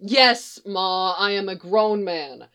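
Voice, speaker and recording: A woman's voice: medium pitch, takes it slowly, fairly bright tone, clean tone. A flustered grown son in a storybook reading, earnest and easily scandalized, calling out in a raised voice, as a woman reader puts him on. He sounds a touch whiny. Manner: exclaiming, scandalized.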